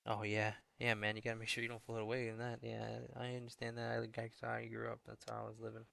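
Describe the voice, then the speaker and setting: A young man streaming a fantasy football update in casual chat, talking low and half-whispered in a hallway indoors. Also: monotone, fast, gravelly, a bit bright, dry recording. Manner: low, half-whispered talk, chatting with viewers.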